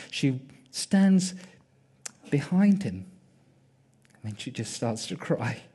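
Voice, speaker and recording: High-voiced guy preaching, husky, super animated retelling with lots of repeats. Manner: animated, vivid retelling with dramatic pauses. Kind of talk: sermon storytelling.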